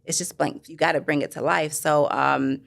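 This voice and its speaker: Interview guest: woman, lowish gravelly voice, rambling and animated. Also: normal speed. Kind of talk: casual interview chat.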